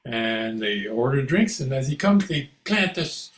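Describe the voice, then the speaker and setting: A man improvising jokes on a video call, halting and filling pauses with "uh". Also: medium pitch, big pitch swings. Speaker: improv player. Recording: echoey room on a call.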